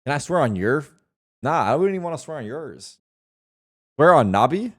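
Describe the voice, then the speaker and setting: A man's voice: a little high, sing-song, moderate pace, fairly bright tone. A young man streaming live, bantering with his chat in a loose, defensive way and swearing freely.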